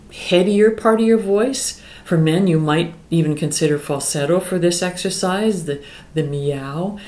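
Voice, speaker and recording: A middle-aged woman vocal coach explaining singing warm-ups in a calm, explanatory way. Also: sits low. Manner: calm, explanatory, breaks into sung exercises. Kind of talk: singing lesson with demonstrations. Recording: echoey room with piano. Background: piano.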